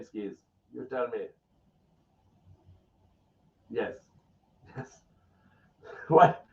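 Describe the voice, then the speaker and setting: A man's voice: a little high, expressive, very slow, pauses often. A man hosting a casual live stream, joking around and reading silly tweets aloud while apologizing for his bad audio. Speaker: host. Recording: roomy, muffled, distant home-stream mic with faint background noise.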